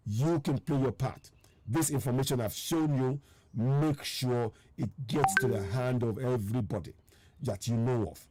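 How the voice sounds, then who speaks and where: A man from Nigeria, speaking at normal speed in a mid-range, darkish-toned voice over slight background noise, hosts an impassioned live stream. His voice is tired and strained as he insistently urges viewers, repeating his points. He reads their names out and responds to their comments.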